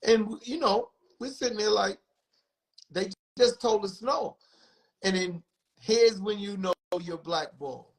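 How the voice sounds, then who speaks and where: Profane, animated high-voiced man. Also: measured pace, poor audio. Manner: profane, animated, acts out other people's lines. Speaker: music industry guest. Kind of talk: candid storytelling on a livestream podcast.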